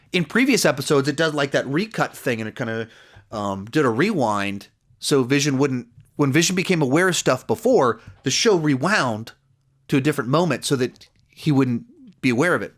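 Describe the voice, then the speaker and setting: Reviewing a TV episode casually, a man wanders through the plot, leaning on "like" and "you know" and performing the characters' lines himself. His voice runs on the high side and is a bit bright.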